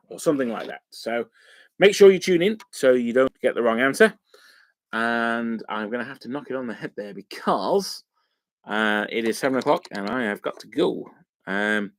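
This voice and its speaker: A man talks through a casual live stream in a loose, rambling way, with lots of fillers. His voice has a gravelly, creaky edge. The sound is dry and close, with no room echo. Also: mid-range voice, expressive, normal speed, fairly bright tone. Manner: rambling and chatty, many fillers. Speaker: wargaming channel host. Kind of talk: casual live-stream chat while painting miniatures.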